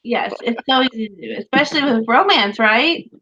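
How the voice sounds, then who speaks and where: A woman in her thirties or forties co-hosting a casual chat about writing, animated and full of fillers, laughing often. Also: a little high, a little fast, slightly rough. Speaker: podcast co-host, author. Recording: dull lo-fi sound.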